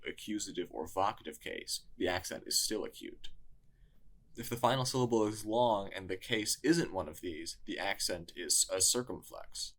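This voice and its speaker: A man narrating a scripted lesson in a measured, explanatory way. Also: low-pitched, a bit bright. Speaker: tutor.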